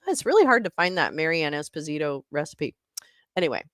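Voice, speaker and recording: A woman's voice: deep voice, very animated, quick pace, a bit bright, no echo, studio quality. A woman hosting a casual livestream, chatting in a scattered way and swearing and laughing as she fumbles with her setup. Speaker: livestream host.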